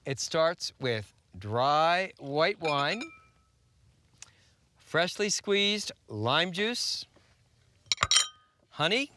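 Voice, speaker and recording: Lively man hosting a grilling show. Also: a little high, slight background noise. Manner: enthusiastic, punchy, measured instructions. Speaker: TV cooking show host. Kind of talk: scripted cooking show presenting. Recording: broadcast audio with music bed.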